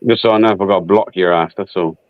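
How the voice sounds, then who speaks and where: A man's voice: deep voice, fairly even intonation, very fast, no room sound, phone-quality sound. A man co-hosting a livestream, laid-back and chatty, often calling people man or bro. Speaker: co-host. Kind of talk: casual livestream banter.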